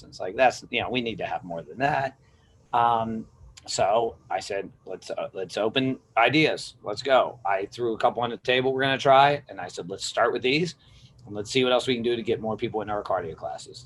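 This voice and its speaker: A middle-aged American gym manager and strength coach chats casually as a podcast guest, telling stories animatedly and acting out quotes in a raised voice. His voice is lowish, and the poor audio has slight background noise.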